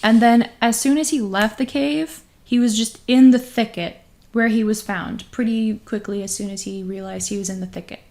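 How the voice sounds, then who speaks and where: A woman's voice: on the high side, fairly even intonation, normal speed, darkish tone. A woman co-hosting a casual podcast, retelling an eerie story and laughing often as she talks. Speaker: podcast co-host.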